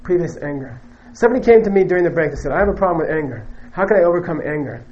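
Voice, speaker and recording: High-voiced man teaching Buddhism. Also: expressive, very fast, a little mellow, dull audio. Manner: conversational, keeps checking in with "okay?" and "you know"; joking, emphatic asides. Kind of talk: dharma teaching to a live audience.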